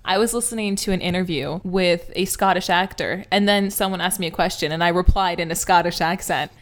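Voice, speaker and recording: A woman's voice: lowish voice, fairly quick. A young woman co-hosting a podcast with her father, chatting casually and teasing him with frequent giggles. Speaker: podcast co-host. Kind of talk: casual chat.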